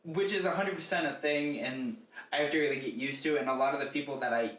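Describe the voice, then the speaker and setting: A man's voice: mid-range voice, fast talker, fairly bright tone. A young man co-hosting a podcast, chatting casually and rambling with lots of fillers. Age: young adult. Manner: rambling, filler-heavy talk with many "like"s. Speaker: podcast co-host. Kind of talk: casual chat. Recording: echoey room, mic at a distance.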